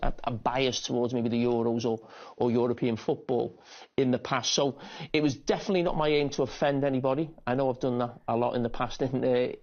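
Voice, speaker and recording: A man's voice: medium pitch, steady tone, a little fast, a little mellow. A man with a Liverpool accent, a football pundit, giving a careful, hedging statement on air. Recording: dull clip audio.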